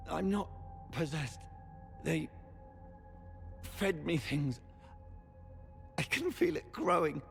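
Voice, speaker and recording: An actor playing a dying, tortured male knight who is weak and in pain, speaking in a strained, gravelly whisper in halting, broken phrases. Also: on the high side, sing-song, faint music behind, exaggerated voice. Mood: anguished. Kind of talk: video game voice acting.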